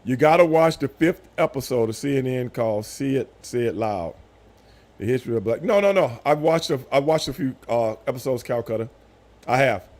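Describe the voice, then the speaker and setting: Lively, animated man telling stories. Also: medium pitch, brisk. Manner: animated storytelling, loud voiced outbursts. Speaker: streamer host. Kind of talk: casual live-stream chat.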